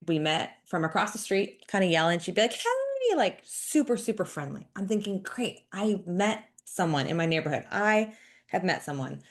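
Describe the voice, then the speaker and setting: A woman podcast host telling personal stories in a chatty, self-deprecating way. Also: medium pitch. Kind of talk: personal storytelling monologue.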